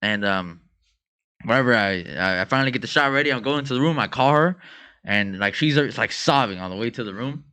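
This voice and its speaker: A man's voice: mid-range voice, lively intonation, fairly quick, sharp tone, smooth. A man co-hosting a podcast, telling a story casually with slang and frequent laughter. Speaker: podcast co-host.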